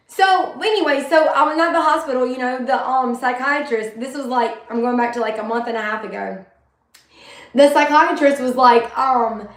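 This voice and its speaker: A woman's voice: a little high, moderate pace, fairly bright tone, reverberant. A woman in her thirties, telling her own story to viewers in a candid, blunt way, swearing freely and using many fillers. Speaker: vlogger sharing her story. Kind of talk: casual personal storytelling, talking to viewers.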